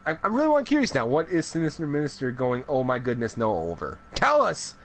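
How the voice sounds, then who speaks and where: Animated joking American man. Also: medium pitch. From North America. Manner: joking, quick to laugh. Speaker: podcast co-host. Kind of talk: casual podcast chat.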